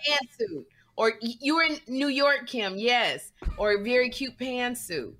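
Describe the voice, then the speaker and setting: A woman's voice: a little high, very animated, unhurried, sharp tone, slight background noise. A woman, teasing and encouraging a friend in casual chat.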